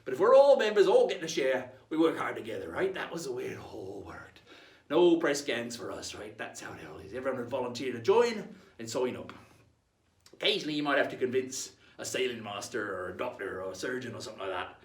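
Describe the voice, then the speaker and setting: Lively man teaching as a pirate. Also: medium pitch, fairly quick. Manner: playful, tags nearly every line with "right?". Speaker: pirate-themed history presenter. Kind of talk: in-character educational talk. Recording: echoey room, mic at a distance.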